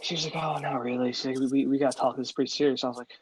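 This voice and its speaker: Fast-talking young man, rambling. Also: mid-range voice, fairly even intonation, husky. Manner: rambling, many restarts and fillers. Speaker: podcast co-host. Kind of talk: casual chat.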